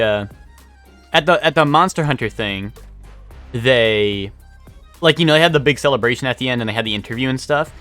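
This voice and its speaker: A young man chats on a live stream, reading out messages and rambling his answers with plenty of fillers. His voice is bright and pushy at a middle pitch. Faint music plays underneath. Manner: rambling, chatty, reads out chat and answers it. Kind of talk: casual live-stream chat.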